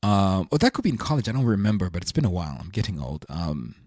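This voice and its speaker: Brief: male podcast host, low-pitched and earnest, searching reflective delivery, dry close sound. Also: big pitch swings, quick pace, a little mellow, no room sound. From South Africa. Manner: earnest, searching, thinks aloud. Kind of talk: reflective faith monologue.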